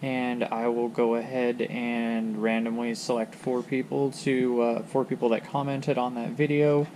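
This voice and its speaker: A man's voice: medium pitch, flat delivery, measured pace, a little mellow, slight background noise, poor audio. A man hosting a car channel, talking casually to his viewers in a loose, rambling way with lots of ums and restarts. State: hiccups. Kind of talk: casual vlog talk to camera.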